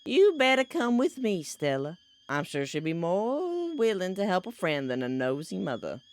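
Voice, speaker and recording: A woman voicing a polite, soft-spoken older mother with a put-on Southern accent while reading a game aloud. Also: on the low side, huge pitch swings, moderate pace. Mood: genteel. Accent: put-on American Southern. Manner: polite, gently concerned, lilting. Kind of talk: reading a visual novel aloud, doing voices.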